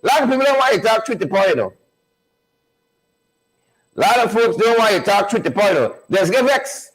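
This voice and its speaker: A high-voiced man runs a live online show. He repeats himself to build energy and greets viewers one by one in a loose, hyped-up chatting style. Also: lively intonation, fairly quick, low-quality recording. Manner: repetitive, hype-building, calls out viewers by name.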